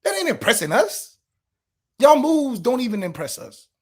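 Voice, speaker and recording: A man on a sports podcast, trash-talking in a sarcastic rant. His voice sits high and swings widely, and he fires off rhetorical questions that sometimes break into shouts. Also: huge pitch swings, normal speed. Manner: shouts at peaks. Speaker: podcast co-host.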